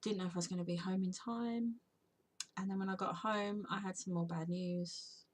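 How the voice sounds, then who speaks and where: Woman, 30s, tired, rambling casual vlog talk, soft husky voice, slips into whispers. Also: medium pitch, fairly even intonation, moderate pace. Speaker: vlogger and podcaster. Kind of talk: casual unscripted vlog chat.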